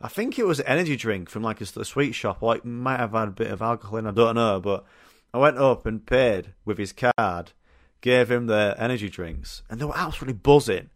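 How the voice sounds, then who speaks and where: Brisk and animated, at mid-range pitch, a Yorkshire-accented man from Yorkshire, England hosts a podcast and spins rambling, chatty stories. He leans on fillers and swears occasionally; the recording is dry and studio quality.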